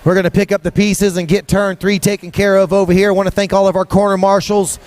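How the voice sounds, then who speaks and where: A man with a high, bright voice calls live BMX racing outdoors. He rattles off riders and plate numbers in a quick, rhythmic, sing-song patter. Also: little pitch movement, dry recording. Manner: rapid-fire rhythmic calling, sing-song hype. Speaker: race announcer. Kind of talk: live BMX race commentary. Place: outdoor race track.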